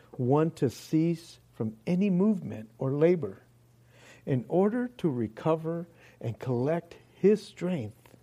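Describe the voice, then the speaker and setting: Slow, earnest male preacher with a mellow voice. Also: medium pitch. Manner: slow, earnest preaching that drops to soft, hushed tones. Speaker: pastor. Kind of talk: sermon. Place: church hall.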